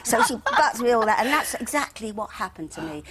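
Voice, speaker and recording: A woman, a TV interview guest who tells gossipy stories full of quick asides and "you see". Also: a little high, very animated, crowd noise. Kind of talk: chatty TV studio interview. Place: TV studio sofa.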